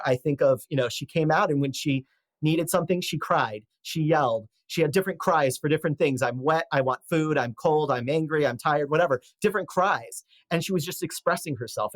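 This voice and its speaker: A man's voice: fairly high pitch, no echo. Reflective man, dry close sound. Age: 40s. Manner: reflective, rambling with fillers and restarts. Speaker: podcast guest. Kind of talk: conversational advice on a podcast.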